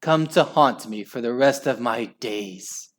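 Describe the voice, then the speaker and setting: A man's voice: medium pitch, takes it slowly, natural voice. A man reading a children's story aloud, voicing an anxious, dramatic mother mouse in a raised, fluttery voice. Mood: woeful. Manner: raised, fluttery voice, loud cries.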